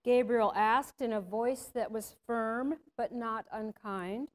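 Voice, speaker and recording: A woman narrating a storybook tale in a measured, gentle reading voice. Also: a little high.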